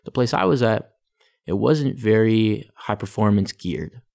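Gravelly-voiced Canadian man telling his story. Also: lowish voice, lively intonation, measured pace, a little mellow. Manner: chatty, fills with "like" and "you know". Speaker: guest, taekwondo athlete and sports psychology practitioner. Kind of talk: casual interview storytelling.

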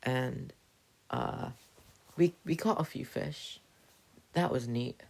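A man with a gravelly, husky voice rambling through a profane, stumbling comedic monologue. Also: medium pitch, slow, darkish tone.

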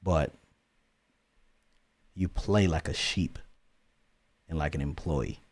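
A man in his thirties co-hosting a married couple's podcast, talking loosely with many fillers and turning energetic when he hosts. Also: extremely low pitch, slow, dry recording. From California. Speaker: podcast co-host. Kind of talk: casual chat.

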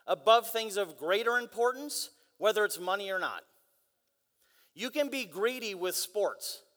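A young man giving an energetic guest sermon in a church, driving his points with rhetorical questions and mock voices. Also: sits high. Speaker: guest preacher. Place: large church hall. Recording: long church hall reverb.

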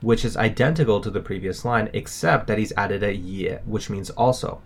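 A man's voice: fairly low pitch, moderate pace, hardly any pauses, fairly bright tone, slight background noise. A man co-hosting a language lesson, explaining words steadily. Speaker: language podcast co-host.

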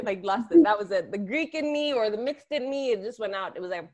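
A woman's voice: mid-range voice, lively intonation, fast, hardly any pauses. A young woman co-hosting a podcast, telling stories in casual chat, swearing freely and laughing often. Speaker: podcast co-host.

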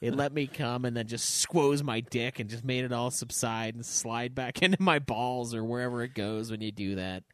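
A man's voice: mid-range voice, normal speed, hardly any pauses, no echo. A man co-hosting a casual gaming podcast, rambling through a profane story and laughing often. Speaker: podcast co-host.

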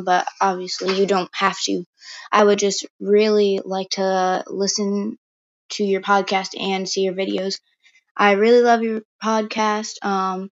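A woman's voice: medium pitch, lo-fi sound. A woman leaving an eager, chatty voice message for a podcast host. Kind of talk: recorded voice message.

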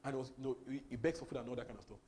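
A man preaching a sermon, emphatic, repeating words and swinging between loud and soft. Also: medium pitch, fairly even intonation, very fast. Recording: faint background noise.

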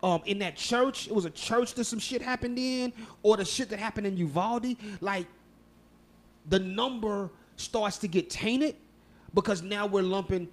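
A man's voice: high voice, a little slow. A man from Texas co-hosting a podcast, telling stories in a loose, profane, laughing way. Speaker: podcast co-host. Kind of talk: casual chat.

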